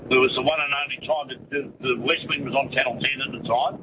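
A man's voice: mid-range voice, fairly even intonation, fast. A man phones in to a radio show in a mid-range voice, telling his story in a detailed, matter-of-fact way. His tinny phone line is full of wind and engine noise. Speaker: caller. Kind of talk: phone-in recollection.

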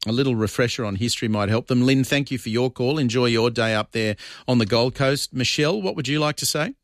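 A man's voice: medium pitch, fast talker, no echo, studio quality. A man with an Australian accent hosting a talkback radio show, blunt and combative with callers and listeners.

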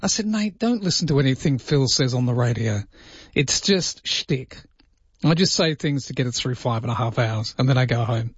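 A man's voice: mid-range voice, animated, normal speed, breathy edge, no room sound, dull audio. A man hosting a radio show in casual, joking banter, teasing his co-workers. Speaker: radio host.

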